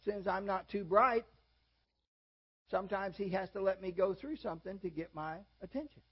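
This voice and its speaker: An older male preacher with a high, husky voice delivers a folksy, self-deprecating sermon. He builds to sudden emphatic peaks, and the recording sounds dull and lo-fi. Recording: dull lo-fi audio.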